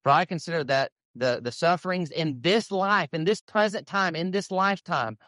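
A man's voice: on the high side, a bit bright, no room sound. A man delivering a debate statement in a preacherly manner, quoting scripture at length.

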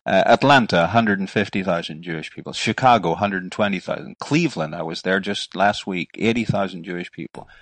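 A middle-aged man with a Northern Irish accent speaks earnestly as a ministry guest in a conversational interview, often repeating words as he begins a phrase. His voice is deep and fairly bright, a little fast with few pauses.

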